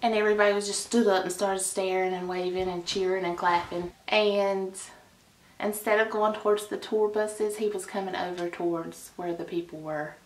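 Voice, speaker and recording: A woman's voice: medium pitch, fairly even intonation, normal speed. Woman, casual storytime, chatty and gushing, roomy echo. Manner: chatty and gushing, with sighs and laughs. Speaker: vlogger telling a story. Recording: echoey room.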